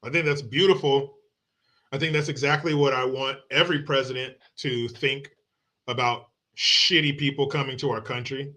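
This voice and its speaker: A man's voice: medium pitch, fairly even intonation, moderate pace, bright, forceful tone. A middle-aged man hosting a show, giving blunt, profane and heated political commentary. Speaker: show host.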